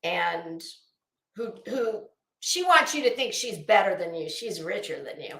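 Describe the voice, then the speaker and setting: A woman's voice: medium pitch, very animated, measured pace, fairly bright tone, reverberant. A woman hosting a casual live commentary stream, chatting with viewers in a gossipy, sarcastic way and laughing often. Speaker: YouTube commentary host.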